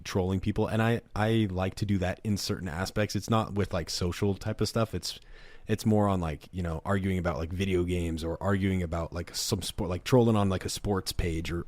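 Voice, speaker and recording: A man's voice: low voice, darkish tone, no echo. A man co-hosting a casual podcast chat, blunt and profane, arguing the other side. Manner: blunt, swears freely, argues devil's advocate. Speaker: podcast co-host.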